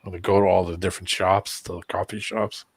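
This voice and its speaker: A man in casual chat, relaxed, with brief replies. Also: low-pitched, a little fast, husky, no room sound.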